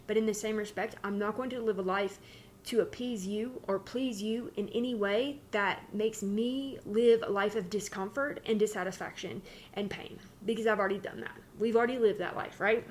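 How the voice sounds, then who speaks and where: A woman speaks as a spiritual channeler in a loose, candid way. She rambles, stops herself and restarts her thoughts. Her voice sits at a middling pitch, with a faint hiss underneath. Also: steady tone, normal speed. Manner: candid, rambling, self-interrupting. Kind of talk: casual spiritual talk.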